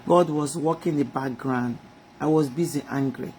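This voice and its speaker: A middle-aged woman speaks to her live-stream viewers with passion, swinging from soft, low asides to loud cries. She talks in rhetorical questions, turning to God and back to her audience. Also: moderate pace, a little hiss or hum. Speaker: inspirational speaker. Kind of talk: live-stream inspirational talk.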